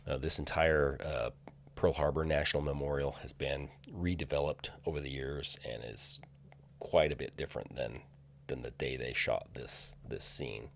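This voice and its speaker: A man's voice: very deep voice, fairly even intonation, normal speed, creaky. A man casually walking through filming locations on screen, hesitant with many fillers and restarts. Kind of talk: casual screen-share walkthrough.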